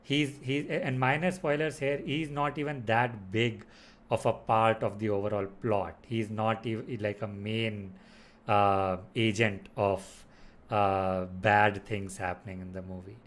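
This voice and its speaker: Man, lowish voice, loose casual film-review chat, filler-heavy and meandering. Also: flat delivery, unhurried, fairly bright tone. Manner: rambling, heavy on fillers and restarts. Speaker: movie reviewer.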